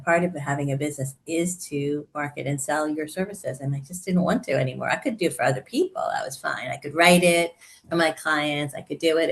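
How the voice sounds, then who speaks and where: Laughing often and warmly animated, a therapist and coach in her sixties shares her story as a guest. She has a low voice, and the interview is casual and conversational.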